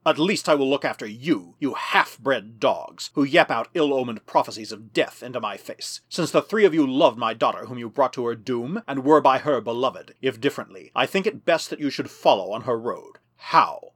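A man voicing an ancient, bitter male superman ruler who speaks in slow, grave, menacing pronouncements. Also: medium pitch, expressive, fairly bright tone, slightly rough, dry recording. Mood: threatening.

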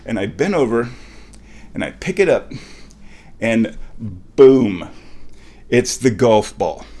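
A man of medium pitch tells a casual story from his kitchen. He laughs often and gets worked up, and his voice leaps high when something thrills him. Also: very animated, unhurried, darkish tone, slightly rough. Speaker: vlogger telling a golf ball hunting story. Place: kitchen at home.

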